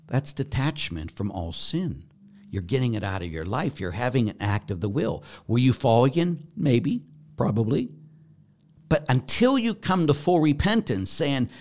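Emphatic priest with a lively voice. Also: male voice, medium pitch, normal speed. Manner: emphatic, preachy, repeats key points. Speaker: Catholic priest. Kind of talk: answering a viewer question.

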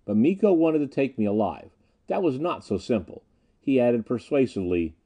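A man narrating an adventure story in the first person, reading in an expressive, lively way. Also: mid-range voice, moderate pace. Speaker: audiobook narrator.

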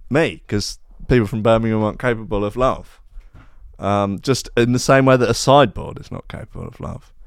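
A man's voice: fairly low pitch, brisk, creaky, smooth, no room sound, studio quality. A man hosting a comedy podcast, rambling through sardonic asides and restarts. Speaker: podcast host. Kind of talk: casual comedic podcast monologue.

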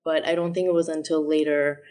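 A woman's voice: sits low, flat delivery, a little fast, darkish tone. A woman in her thirties, a guest in an interview, talking reflectively and explaining with examples. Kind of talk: conversational interview.

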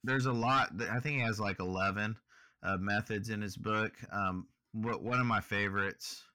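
A man's voice: fairly low pitch, fairly even intonation, normal speed, sharp tone, no echo. A man co-hosting a podcast, talking through Bible study in an easygoing, reflective way. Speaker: podcast co-host. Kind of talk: casual Bible study chat.

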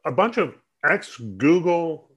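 A man co-hosting a casual talk show, speaking in halting bursts with frequent restarts and fillers. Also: a little high, very animated, a bit bright, slightly rough. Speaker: co-host. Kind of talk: casual chat.

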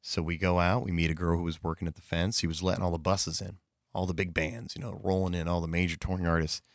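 A man with a very low voice tells a loose, casual anecdote. He rambles, corrects himself and swears freely. The recording is dry with no room sound. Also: flat delivery, quick pace, no room sound. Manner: rambling, with fillers, profanity and self-corrections. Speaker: storyteller.

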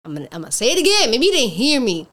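A young woman, a podcast guest, chatting casually and acting out quoted lines in animated stories, laughing often. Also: fairly high pitch, very fast. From Cuban family background. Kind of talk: casual chat.

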